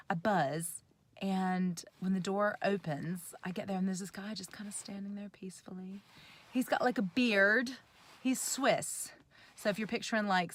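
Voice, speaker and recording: A woman in her thirties vlogging from inside a parked car, telling a story in an animated, giggly, chatty way. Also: on the low side. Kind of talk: casual storytelling to camera.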